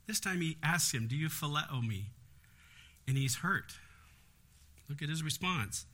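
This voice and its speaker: Bright-voiced man teaching scripture. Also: a little high, expressive, unhurried. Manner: earnest and explanatory, with frequent asides. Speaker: Bible study teacher. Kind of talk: conversational Bible teaching.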